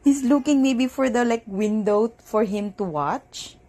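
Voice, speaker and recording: A woman's voice: unhurried, mellow. A Filipino woman and mother mixing English with Cebuano, cooing at a stray cat in a sing-song voice and meowing at it during a family camping vlog. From Philippines. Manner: coos at a cat in a high sing-song voice with many meows. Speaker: family vlogger.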